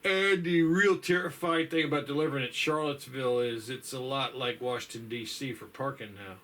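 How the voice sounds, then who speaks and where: A man's voice: medium pitch, steady tone, fairly quick, a bit bright. A man chatting casually to his viewers in a folksy, rambling way, tired and yawning, with lots of fillers and sighs. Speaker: vlogger. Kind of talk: casual chat.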